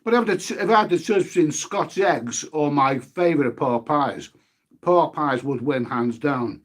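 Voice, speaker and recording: This man's voice is a little high and a little slow. He's chatting casually on a live stream, eating while talking, swearing mildly, and reading out viewer comments and names.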